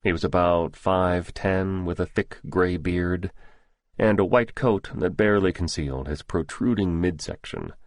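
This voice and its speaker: Deep guy reading an audiobook, steady and measured, dry close mic. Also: dry recording. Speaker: audiobook narrator. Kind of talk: first-person audiobook narration.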